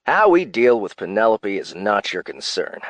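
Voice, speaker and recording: A woman narrator drops her voice low to play a condescending male CEO in an audiobook. He sneers and talks down with a dry sarcasm. His pitch still rises and falls a lot. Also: big pitch swings, moderate pace, dry recording. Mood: dismissive. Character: smug, dismissive male company CEO.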